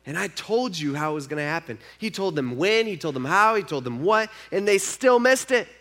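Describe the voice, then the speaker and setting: A man preaching a sermon in a conversational way, moving from hushed, slow remarks to loud, emphatic ones. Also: high-pitched, sing-song. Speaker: pastor.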